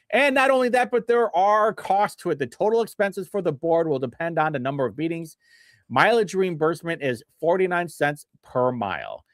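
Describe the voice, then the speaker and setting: Man, sarcastic bill-reading livestream host, slightly high pitch, dry sound, chuckles a lot. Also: no room sound. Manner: sarcastic and mocking, reads bill text aloud; chuckles often, with big pitch swings. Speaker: livestream host reviewing state bills. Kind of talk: casual commentary livestream.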